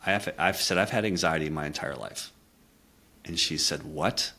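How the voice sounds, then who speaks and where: Deep-voiced man telling a personal story. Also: moderate pace. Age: middle-aged. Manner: earnest, reflective, drops quiet for emotional moments. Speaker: guest, communication coach.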